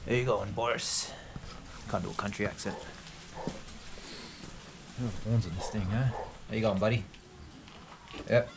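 A man's voice: on the low side, steady tone, measured pace, creaky, long pauses. A man filming a travel vlog outdoors on a village farm, chatting casually and asking curious questions. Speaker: travel vlogger. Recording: noisy outdoor camera audio.

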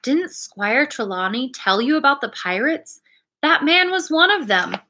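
A woman's voice: sits high, animated, unhurried, bright, forceful tone, slight background noise, pitched above the performer's own voice, full character voice. A woman voicing an eager young cabin boy who speaks earnestly and politely.

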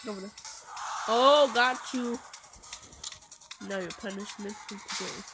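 A woman giving live commentary on her own gameplay, excitable and full of playful trash talk and sudden shouts. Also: medium pitch, measured pace, poor audio. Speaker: gameplay video host. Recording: game music playing behind. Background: game music.

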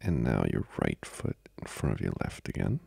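A young man voicing a needy, playful boyfriend in a whispered role-play, speaking in soft, intimate whispers broken by giggles. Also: very deep voice, huge pitch swings, moderate pace, vocal fry, slightly rough, no echo, exaggerated voice. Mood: playful, coaxing. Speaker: ASMR role-play creator.

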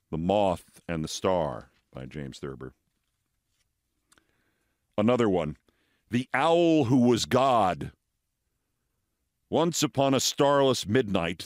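A theatrical man in his sixties, acting as host, reads fables aloud with wide swings in pitch. He speaks expressively and deliberately, and the recording is close and dry without any room echo.

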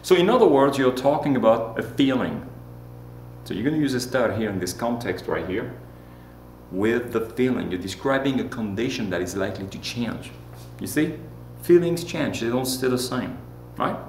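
Male language teacher, talkative and patient, mid-pitched, roomy echo with a faint hum behind. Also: animated. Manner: chatty, self-correcting, repeats examples slowly. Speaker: Spanish teacher. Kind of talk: classroom-style language lesson.

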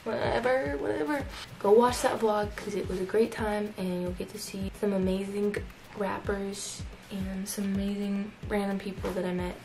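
A woman's voice: medium pitch, little pitch movement, moderate pace, hardly any pauses, a little mellow, poor audio. A young woman telling a personal story in a casual vlog, chatty and full of "like" fillers. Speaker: YouTuber.

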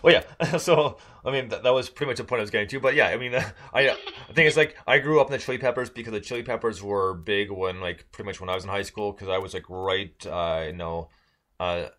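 Low-voiced man telling a rambling story. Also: fast, a bit bright. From Michigan. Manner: rambling, many fillers and restarts, laughs while telling. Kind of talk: casual storytelling chat.

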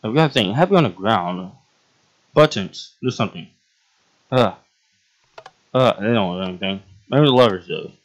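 A man's voice: lowish voice, expressive, moderate pace, pauses often. A young man casually chatting and role-playing while playing a game, often laughing and trailing off with fillers. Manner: giggly, rambling, voices many characters. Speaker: game roleplay host. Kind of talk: casual roleplay gameplay chat.

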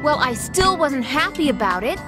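A guarded young cartoon woman speaks frankly with a teasing edge. Her voice is fairly high and lively over loud music. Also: moderate pace. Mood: earnest. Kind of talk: animated cartoon voice acting.

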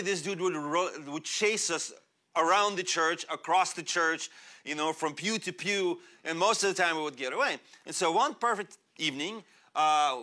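A young man born in Russia, a pastor preaching a sermon in a church, animated and chatty, laughing often and using many fillers. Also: a little high. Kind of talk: sermon with personal storytelling. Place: church sanctuary.

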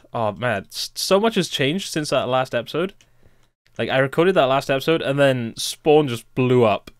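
A young man chats casually through his let's play, talking to himself as he builds. His medium-pitched voice has a clean tone, and the studio-quality recording has no room sound.

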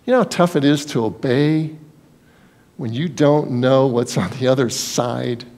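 A man preaching a sermon as pastor, telling Bible stories in a lively way and acting out the people in them. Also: medium pitch, a little slow. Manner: storytelling, acts out Bible scenes in quoted voices.

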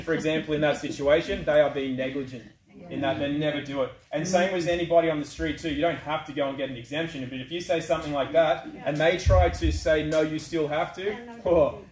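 A man speaking as a guest to an assembly, answering questions from the floor in a plain-spoken way. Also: fairly high pitch. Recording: echoey hall from far off, faint noise.

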